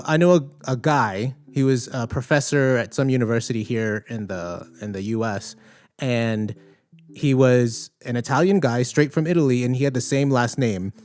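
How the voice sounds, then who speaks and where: A man hosting a livestream podcast, chatting casually and reading out viewer comments with many fillers. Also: mid-range voice. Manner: relaxed, conversational, thinks aloud with many fillers.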